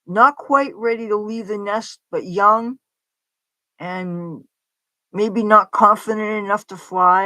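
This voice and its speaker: Slow-talking woman livestreaming. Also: medium pitch, a bit bright, no room sound, rough recording. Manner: coaxing baby talk to a bird; rambling with fillers. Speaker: livestream host. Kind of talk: casual livestream chat.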